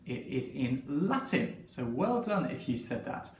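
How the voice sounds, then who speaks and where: A man's voice: mid-range voice, big pitch swings, measured pace, darkish tone, slight background noise. Encouraging male singing teacher, roomy. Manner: friendly, encouraging, sings along. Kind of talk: children's singing lesson. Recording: roomy sound from a distance with piano. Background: piano.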